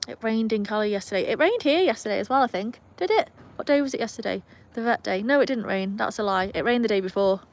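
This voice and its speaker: A woman's voice: medium pitch, fast, hardly any pauses. Chatty British woman on a phone live. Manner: chatty, self-mocking, reads viewer comments aloud. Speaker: live-stream host. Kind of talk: casual live-stream chat. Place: outdoors in cold weather with her dogs.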